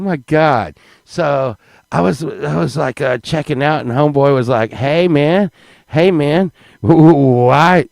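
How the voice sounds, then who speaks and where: A man's voice: fairly high pitch, dry recording. A man, telling stories in a rambling, casual way to a live chat, restarting words and swearing freely.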